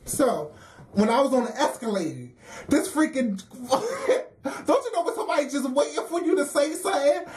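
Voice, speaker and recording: A woman's voice: sits high, sing-song, moderate pace, a little mellow. A woman, telling a casual work story, laughing often and acting out the voices of the people she quotes.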